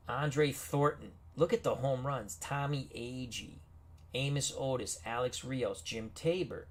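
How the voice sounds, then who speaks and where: A man's voice: medium pitch, a little slow, slight background noise. A man hosting a gaming video, reading player names off team rosters with casual asides and reactions. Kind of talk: casual game commentary.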